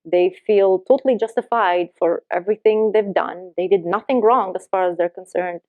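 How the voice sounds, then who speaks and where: A woman's voice: mid-range voice, normal speed, hardly any pauses, no echo, phone-quality sound. A woman life coach giving earnest, emphatic advice to camera, acting out the lines people say.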